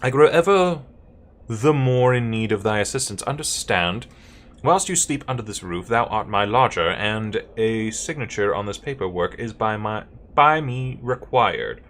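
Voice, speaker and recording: A man's voice: lowish voice, expressive, moderate pace, a bit bright. A man voicing a formal landlord who speaks in old-fashioned, pompous English. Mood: stiff, formal. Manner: archaic, pompous phrasing.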